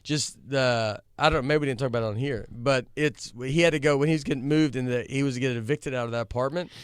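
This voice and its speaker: A man's voice: mid-range voice, fast talker, clear, resonant tone, no echo. A man, a guest on a casual comedic podcast in a studio. He is easygoing, laughs often, and chimes in with short yeahs.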